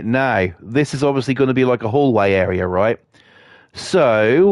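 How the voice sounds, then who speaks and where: A man's voice: mid-range voice, a little mellow, dry recording, studio quality. A man with a Norfolk accent, chatting casually and swearing freely as he streams a game and tells rambling stories. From Norfolk, England. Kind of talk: casual chat while playing.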